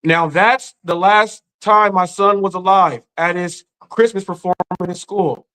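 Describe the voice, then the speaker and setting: A grieving man hosting a live stream, speaking earnestly in a halting way and often repeating his words. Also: high-pitched, fairly even intonation, sharp tone, clean tone, low-quality recording. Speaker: live-stream commentary host. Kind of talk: emotional live-stream rant.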